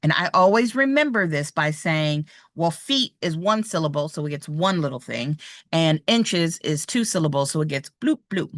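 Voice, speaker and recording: A woman's voice: sits low, animated, normal speed, no room sound, clean studio sound. A woman teaching real estate exam math in a live online lesson, patient and encouraging as she works problems out aloud. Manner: patient, encouraging, thinks aloud while drawing.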